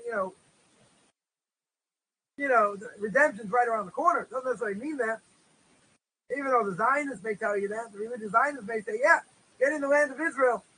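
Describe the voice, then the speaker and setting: In Israel, a rabbi teaches a religious course in an informal lecture style, his very high voice pushed and bright on a rough recording. He peppers his talk with "you know," tells stories, and acts out the characters' voices.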